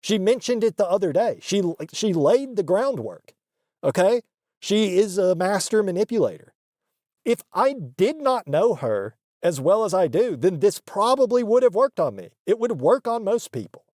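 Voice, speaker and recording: A man's voice: high-pitched, very animated, moderate pace, a little mellow, dry recording, clean studio sound. A man in a comedic monologue, ranting defensively and justifying himself with insistent repetition. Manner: defensive, self-justifying, repeats for emphasis. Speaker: comedic character host.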